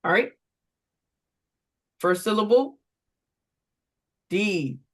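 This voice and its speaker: Slow steady reading tutor doing phonics drills, spells stuff out letter by letter, mid pitch. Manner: slow, deliberate call-and-response prompting; steps aside to explain in a lower, quicker voice.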